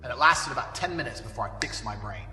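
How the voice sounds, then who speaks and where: A man's voice: mid-range voice, lively intonation, quick pace, pushed and bright, distant mic. A man delivering a blunt, profane, emphatic monologue. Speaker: speaker giving a self-help rant. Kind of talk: ranting monologue. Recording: echoey hall, voice from afar, faint music.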